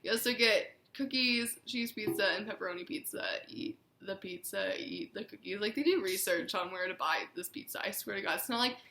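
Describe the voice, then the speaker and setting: A young woman chatting excitedly with a friend, gushing as she recounts a meet-and-greet. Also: medium pitch, a little fast, gravelly, few pauses, slight background noise. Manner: gushing, excitable, talks over her friend. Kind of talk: casual chat. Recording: echoey room.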